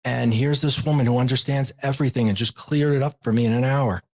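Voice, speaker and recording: Husky man in his forties telling a story. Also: medium pitch, fast talker. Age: 40s. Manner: candid, animated retelling with quoted dialogue. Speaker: podcast guest. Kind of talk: storytelling in an interview.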